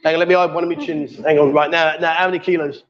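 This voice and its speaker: Jokey livestream host man, high voice. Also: little pitch movement, quick pace, lo-fi sound. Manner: jokey, teasing, coaxing. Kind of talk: casual live chat reading comments.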